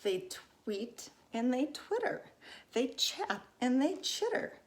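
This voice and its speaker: Lively woman reading a picture book. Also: sits high, slow, a little hiss or hum. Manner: lively, expressive, asks listeners questions. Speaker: teacher. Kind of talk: children's picture-book read-aloud.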